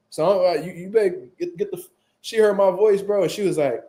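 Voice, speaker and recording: A man telling a story in casual chat, animated and full of profane street slang. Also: sits high, a little fast, roomy sound. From Philadelphia, US. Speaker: boxing show host.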